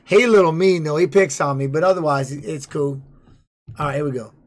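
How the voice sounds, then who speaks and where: A high-pitched man in middle age tells a story in a loose, profane way on his live stream. He sounds like a former fighter talking casually to his viewers. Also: brisk. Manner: profane, animated retelling.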